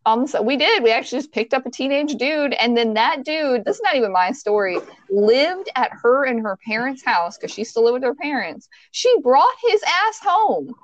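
A woman co-hosting a casual chat. She tells a story with energy, swears freely and acts out the lines she quotes in a loud voice. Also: sits high, very animated, moderate pace, dry recording, muffled recording.

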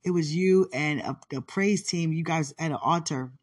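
A woman's voice: low-pitched, normal speed. A woman hosting a podcast, talking in a casual, teasing monologue and laughing often. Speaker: podcast host.

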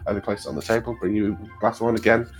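A man's voice: lowish voice, fairly even intonation, rapid-fire, soft background music. A man narrating as game master of a tabletop game, rambling with frequent restarts. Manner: rambling, many fillers and restarts.

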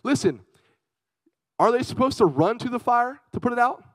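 A young man preaching a lively youth sermon, telling stories with big swings from loud to hushed. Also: extremely high pitch, normal speed, no echo, low-quality recording. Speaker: youth pastor.

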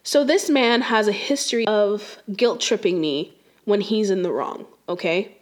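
A woman's voice: medium pitch, a little slow. A young adult woman telling a dating story in a casual, slangy rant, exasperated and talking straight to the viewer.

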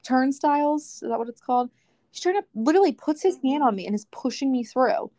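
Philly woman podcast host, chatty, kinda high voice, dry close mic, ranty storytelling. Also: expressive, a little fast, warm tone, dry recording. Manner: chatty, ranting storyteller, quotes people, laughs often. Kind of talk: casual chat.

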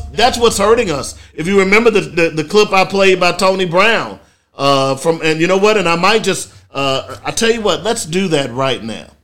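A man's voice: a little high, fairly bright tone. A middle-aged man hosting a casual solo talk show, speaking in an emphatic, preachy way, often checking in with "okay?". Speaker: host.

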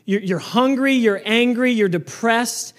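Male pastor, very high voice, loud and earnest, preaching into a mic, frequent restarts. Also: measured pace. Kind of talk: sermon. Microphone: microphone.

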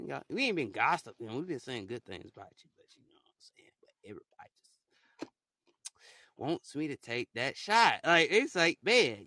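A man's voice: mid-range voice, bright, forceful tone, dry recording. A young man hosting a podcast in loose, casual chat, rambling in slang with lots of fillers. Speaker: podcast host.

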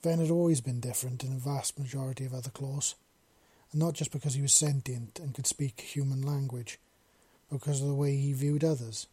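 A man narrating a story in a measured, unhurried reading. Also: mid-range voice, steady tone, mellow, breathy edge, dry recording.

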